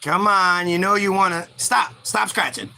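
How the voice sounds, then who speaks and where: A man's voice: sits high, moderate pace, vocal fry, bright, forceful tone, full character voice. A man doing a coaxing tempter snake. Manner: coaxing, persuasive. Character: smooth-talking tempter snake, male.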